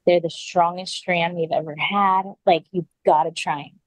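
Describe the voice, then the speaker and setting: A woman sits as a podcast guest and tells a personal story in a loose, conversational way. Her voice sits low for a woman and sounds dry and close, with no room around it. She leans on "like" and quotes each person's words as she goes. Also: fairly even intonation, moderate pace, no room sound, poor audio. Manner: casual, full of "like" and quoted dialogue.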